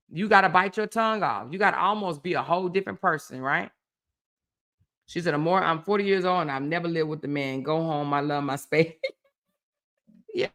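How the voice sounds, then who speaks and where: A woman hosting a livestream. She chats casually with her viewers in an animated, teasing way and reads their comments aloud. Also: low voice. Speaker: livestream host. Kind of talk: casual chat with live viewers.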